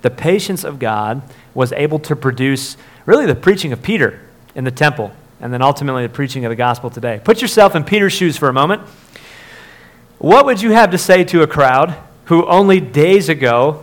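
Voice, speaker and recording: Man preaching a conversational sermon. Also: medium pitch. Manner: conversational preaching with filler words and restarts, rising emphasis on key points. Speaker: pastor.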